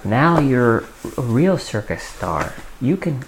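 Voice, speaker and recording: A man's voice: mid-range voice, very animated, slow pace, rough recording. Timothy, a man doing an eager little mouse. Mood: encouraging. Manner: eager, encouraging. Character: small brave male circus mouse.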